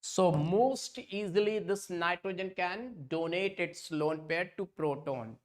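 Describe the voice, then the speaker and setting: A man's voice: high-pitched, slow. A man teaching an online exam-prep lecture. He repeats points again and again and keeps calling his students kids.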